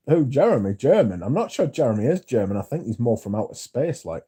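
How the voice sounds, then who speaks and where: A man's voice: mid-range voice, big pitch swings, brisk, hardly any pauses, dark tone, slightly rough, no echo, studio quality. A man hosting a casual livestream, rambling, swearing freely and reading out chat, with a slightly sore throat. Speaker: livestream host.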